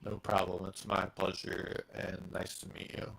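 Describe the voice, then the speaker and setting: A man guest on a live online audio chat, speaking slowly and flatly. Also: sits low, low-quality recording. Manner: slow, flat and gravelly.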